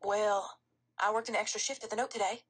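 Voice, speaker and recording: A woman reading a romance aloud, voicing a hardworking young woman who speaks softly and hesitantly. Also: mid-range voice, fairly even intonation, brisk, breathy edge, close to an everyday voice.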